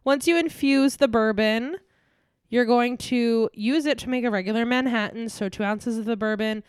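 A young woman hosts a casual podcast chat, giggling often between lines. Her voice is smooth and clear, recorded dry and close with no room sound. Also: on the high side, normal speed, no room sound. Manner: giggly, chatty, reads recipes casually. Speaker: podcast host.

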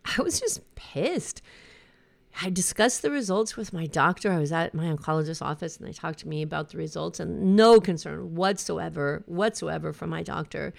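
A middle-aged woman talks candidly as a podcast host, reflective and conversational. Her voice sits a little low and carries a steady gravelly vocal fry. She sounds open and down to earth. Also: normal speed. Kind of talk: candid personal talk.

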